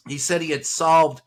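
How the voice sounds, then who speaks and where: A male journalist host chatting casually, telling lively anecdotes, laughing and swearing now and then. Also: on the high side. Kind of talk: casual conversation.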